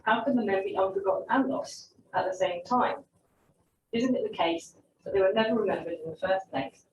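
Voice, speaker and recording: A young woman presents her literary essay, reading steadily and breaking off into wry, self-interrupting asides. Her voice sits at a middle pitch and carries a roomy echo, with the mic set some distance away. A faint hum of ambience runs underneath.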